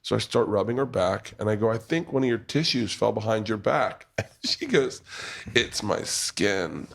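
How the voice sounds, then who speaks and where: A man's voice: fairly low pitch, a little fast, vocal fry. Laughing man telling a story. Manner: loose, laughing storyteller with crude asides. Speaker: podcast host. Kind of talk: storytelling in casual chat. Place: pub.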